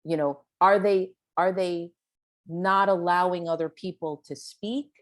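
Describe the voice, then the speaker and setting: A woman with a lowish, steady, unhurried voice speaks on a panel discussion. Her manner is conversational, with frequent restarts, light laughs, and a questioning habit of saying "right?" often.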